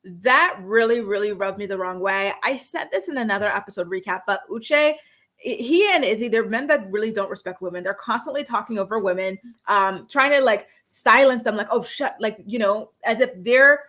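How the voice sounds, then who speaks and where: A young woman recapping a reality show in a casual, opinionated way, indignant and animated, acting out quotes with sudden jumps in pitch. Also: normal speed.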